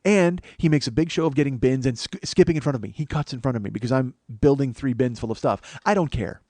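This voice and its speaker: A man's voice: medium pitch, quick pace, darkish tone, no room sound. A man, a comedian and podcast host, telling a profane, exasperated comic story.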